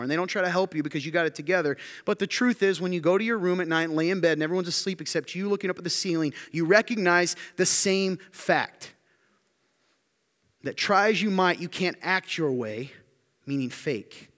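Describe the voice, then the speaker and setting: A male pastor delivering a sermon in a church hall with a long, ringing reverb. His voice sits a little high and grows loud and insistent as he repeats phrases. He keeps checking in with the room through short rhetorical questions. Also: fast talker. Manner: emphatic, building to loud high-pitched intensity; repetitive rhetorical questions to the congregation.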